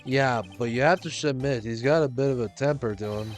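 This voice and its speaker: A man voicing an earnest young defense lawyer in a game, in a low, deadpan mutter. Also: fairly quick, soft background music, lightly acted. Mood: doubtful.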